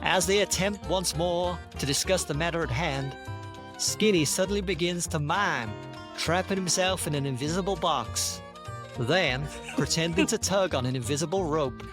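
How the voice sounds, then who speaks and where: A man on a comedy podcast panel, telling an absurd story in a deadpan way. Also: a little high, normal speed, over music. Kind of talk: comic storytelling.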